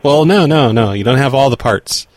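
A man's mid-range, expressive voice comes through at a moderate pace, a little mellow and with no room sound. He's making prank calls, posing as a corporate office employee in a dry, mock-official tone and addressing his listeners in between, in prank call commentary.

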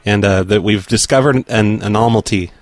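Here a man with a lowish voice talks at a normal speed. He is a prank caller giving prank call commentary, speaking to his listeners between calls and pretending, dryly and mock-officially, to be from a corporate office.

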